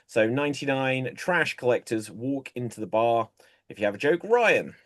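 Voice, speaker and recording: A man's voice: medium pitch, expressive, a bit bright. A man hosting an improv comedy game, calling on players by name and telling his own bar jokes in a casual way. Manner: unhurried, calls on players by name.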